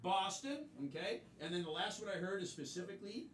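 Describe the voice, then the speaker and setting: A man hosting a live improv comedy show, energetic, laughing, calling out to the audience. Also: sits high, brisk, a little hiss or hum. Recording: roomy stage sound from far off.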